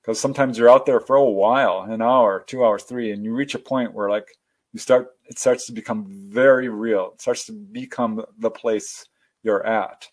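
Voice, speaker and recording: A man telling personal stories as a guest in a casual interview, animated and laughing often. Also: fairly low pitch, normal speed.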